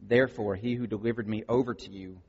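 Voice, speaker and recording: A man reading the words of a calm prisoner on trial, quietly and slowly. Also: breathy edge. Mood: solemn. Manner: quiet, low, measured. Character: calm, solemn male teacher on trial. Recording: dull recording in large echoing hall.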